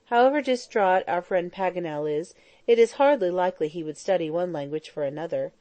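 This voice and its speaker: A woman voicing a measured, courteous Scottish lord in an audiobook. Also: on the low side, warm tone, no echo, muffled recording, lightly acted. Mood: reasoning.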